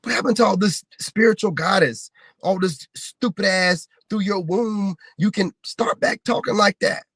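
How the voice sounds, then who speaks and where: A man's voice: sits high, moderate pace, vocal fry, fairly bright tone, husky, no echo. A man delivering a confrontational, mocking rant straight to his viewers, hammering the same points over and over. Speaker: online commentator. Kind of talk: ranting monologue to viewers.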